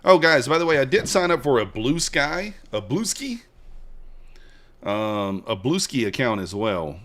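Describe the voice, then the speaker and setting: A man's voice: mid-range voice, very animated, moderate pace, fairly bright tone. A man streaming live futures trades, chatting casually with his viewers, joking and hyping his trades. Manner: chatty, joking with chat, banters and hypes trades.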